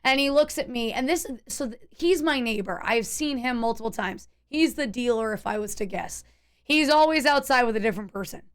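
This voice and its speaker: High-voiced woman streamer telling a story. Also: fairly quick, clean tone. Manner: animated, tense retelling with many restarts and "like". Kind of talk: casual storytelling to chat.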